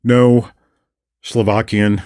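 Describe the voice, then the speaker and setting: A man's voice: fairly low pitch, flat delivery, very slow, darkish tone, dry recording. A man co-hosting a podcast, chatting casually with short agreeing replies and dry jokes. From Irish descent. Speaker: podcast co-host. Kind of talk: casual conversation.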